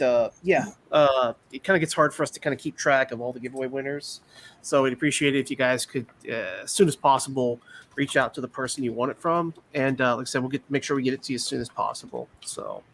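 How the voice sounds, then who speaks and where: A man from Louisiana hosting a casual podcast chat, joking and quick to laugh and apologize. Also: medium pitch, a bit bright. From Louisiana, USA. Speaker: podcast host running giveaways.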